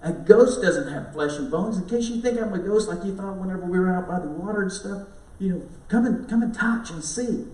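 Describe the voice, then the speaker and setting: This Easter sermon comes from a male pastor whose voice sits high and runs fairly quick, with a slightly mellow quality. He speaks in a storytelling, conversational manner, frequently breaking off to talk to his listeners, and the distant mic picks up a roomy echo.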